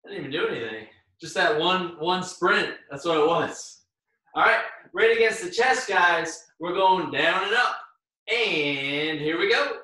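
An out-of-breath man runs a live online fitness class, calling out moves and encouraging people by name. His voice is fairly high and bright, and his delivery is unhurried. He sounds distant from the mic in a strongly echoing room. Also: expressive. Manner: upbeat, cheering on participants by name while exercising. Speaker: fitness instructor. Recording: very echoey room, far from the mic.

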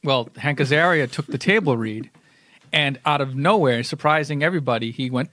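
A man's voice: medium pitch, fairly quick, a bit bright, dry recording. A man co-hosting a casual podcast, explaining his view at length with many restarts and rephrasings. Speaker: podcast co-host. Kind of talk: casual chat.

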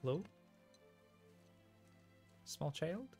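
A young man streaming a video game, giving animated, joking commentary and swearing freely. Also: fairly high pitch, very slow, soft background music. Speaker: let's play streamer. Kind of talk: casual gaming commentary.

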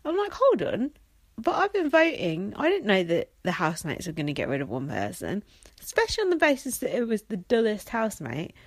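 A woman's voice: lowish voice, no room sound. Young woman, blunt, sweary, sarcastic, casual recap chat, close dry sound. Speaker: reality TV commentator.

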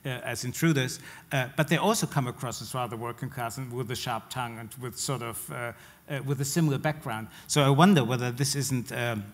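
A man interviewing an author, asking long, thoughtful questions broken by "uh". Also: mid-range voice. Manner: thoughtful, halting with "uh".

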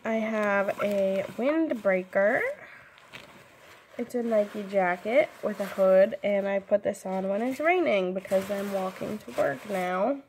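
A woman's voice: medium pitch, slow, a little mellow, slight background noise. A young woman chatting casually in a vlog, rambling and giggling, with lots of "like" and "um". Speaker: vlogger. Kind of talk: casual chat.

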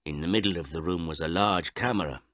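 A man reading a graded story aloud for English learners, slowly and carefully. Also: low voice, no echo, studio quality. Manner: slow, careful and expressive. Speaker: story reader.

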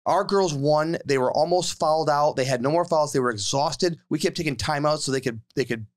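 Here a fortysomething podcast co-host, who also assists with coaching youth basketball, relates a story in relaxed conversation. He talks fairly quickly and animatedly, restarting and repeating words, and his voice rises in pitch as his excitement builds.

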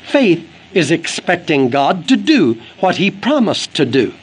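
A man's voice: a little high, big pitch swings, unhurried, slightly rough, poor audio. A man delivering an earnest, emphatic sermon for an audio book, quoting scripture as he preaches. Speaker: evangelist preacher.

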